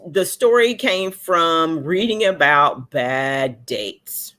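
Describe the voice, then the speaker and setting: A woman in her forties talks as a guest on a video call, her fairly low voice rising and falling in wide swings. She tells her stories with lively energy and slips into the voices of the people in them. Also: takes it slowly. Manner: animated storyteller, acts out voices of others. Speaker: romance author guest. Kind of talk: casual interview chat.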